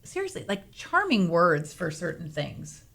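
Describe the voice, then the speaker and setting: A woman co-hosting a podcast, enthusiastic and quick to agree. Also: lowish voice, wildly swooping pitch, gravelly, fairly bright tone. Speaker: podcast co-host. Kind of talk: casual chat.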